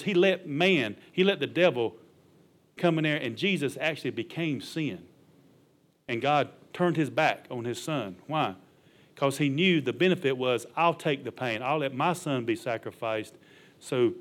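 A middle-aged male pastor with a medium-pitched voice preaches a sermon. His delivery is emphatic and colloquial, and he punctuates his points with "amen" and "hallelujah."

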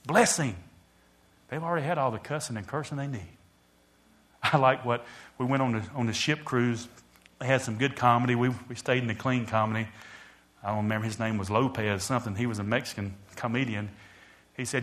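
Speaking briskly at medium pitch with long pauses, a male preacher delivers a sermon that rises loud and sinks quiet while he calls to the congregation.

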